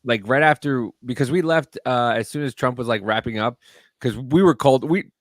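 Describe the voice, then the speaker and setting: A man's voice: medium pitch, a little fast, no room sound, clean studio sound. A man in casual podcast chat, animatedly telling a story and acting out what people said. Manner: animated storytelling, acts out quotes.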